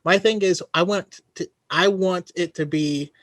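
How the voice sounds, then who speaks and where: A man hosting a casual podcast chat, friendly and halting, often restarting his sentences. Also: high voice, fairly bright tone. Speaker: podcast host.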